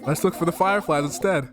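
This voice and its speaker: A man playing a horror game on stream, reading the game's lines aloud and reacting with laughter and a lot of swearing. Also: medium pitch. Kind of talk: let's play commentary, reading game text aloud.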